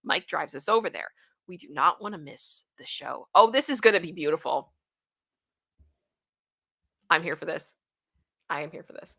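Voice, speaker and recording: A woman's voice: deep voice, normal speed, gravelly, pauses often. A woman casually reading stories aloud and reacting to them with outbursts of disbelief. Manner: animated, reads quotes aloud with outbursts of disbelief and laughter. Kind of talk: casual commentary.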